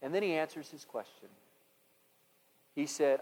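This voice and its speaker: Male pastor, fairly high voice, impassioned sermon, booming hall echo. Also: a little slow, pauses often. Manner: impassioned, swings from loud to hushed. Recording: long hall reverb.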